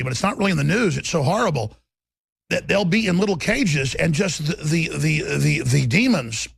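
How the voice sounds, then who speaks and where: A man hosting a talk radio show, delivering an impassioned, ranting monologue that keeps rising to shouts. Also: on the high side, creaky, breathy edge, dry recording.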